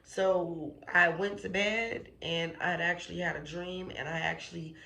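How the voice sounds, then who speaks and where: A woman's voice: fairly low pitch, steady tone, moderate pace, gravelly, sharp tone. A woman sharing a personal faith testimony in a casual, emphatic way. She repeats phrases for emphasis and keeps checking in with "okay?" and "you know what I'm saying?". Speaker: channel host giving a faith testimony.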